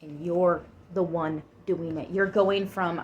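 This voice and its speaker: A woman's voice: on the low side, fairly even intonation, slow pace, a little mellow, highs cut off, slight background noise. A woman giving a tarot reading to her viewers. She talks emphatically, swears freely and gets worked up. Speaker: tarot reader.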